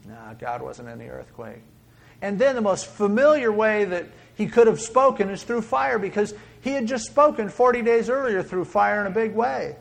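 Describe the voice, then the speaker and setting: High gravelly-voiced male preacher. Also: lively intonation, normal speed. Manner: dramatic, swings between loud exclaiming and hushed whispering. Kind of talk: sermon.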